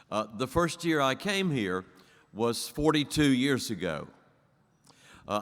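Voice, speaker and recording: A man, a storyteller, sharing a relaxed memory from the stage. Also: medium pitch. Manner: relaxed, reminiscing, halting. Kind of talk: reflective stage remarks. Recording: reverberant hall.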